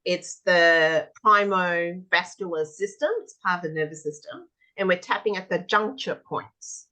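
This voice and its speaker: Animated woman explaining tapping, low-pitched. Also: unhurried. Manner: animated storyteller, acts out children's replies. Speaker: EFT tapping practitioner, guest. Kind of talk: conversational explanation.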